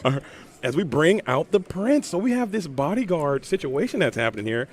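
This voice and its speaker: A man calls a card game tournament with quick, lively delivery and an excitable, joking edge. His pitch swings widely as he riffs with his co-hosts. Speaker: tournament commentator. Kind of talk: live card game commentary.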